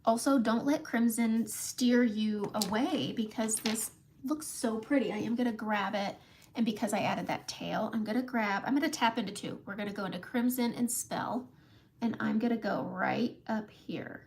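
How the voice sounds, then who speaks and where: A woman's voice: a little high, moderate pace, a little mellow, slight background noise. Chatty woman hosting a makeup livestream. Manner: chatty, laughs often, talks to viewers by name. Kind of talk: casual live makeup tutorial.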